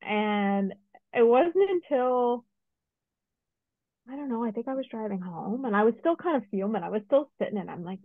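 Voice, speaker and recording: A middle-aged woman co-hosting a podcast, telling a personal story in a casual, lively way with many asides. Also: a little high, moderate pace, no echo. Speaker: podcast co-host. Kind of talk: casual chat. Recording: dry, phone-like narrow sound.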